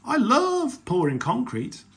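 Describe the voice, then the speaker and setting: A man voicing a cheeky, eager little girl piglet in a read-aloud storybook, with an excitable squealing manner. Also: high voice, measured pace, voice pushed up, heavily acted. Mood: excited.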